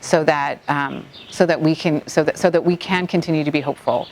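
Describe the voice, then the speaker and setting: A middle-aged woman from the Bahamas, an environmental nonprofit director, recalling a hurricane in an interview, halting and close to tears with many restarts. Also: deep voice, fairly even intonation, darkish tone, a little hiss or hum. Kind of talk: emotional interview recollection.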